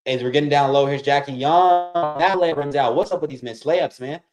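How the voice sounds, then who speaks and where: A man's voice: on the high side, normal speed, over music. A man hosting a casual watch-along, calling basketball play-by-play and talking straight to his viewers. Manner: excitable, keeps addressing viewers as y'all.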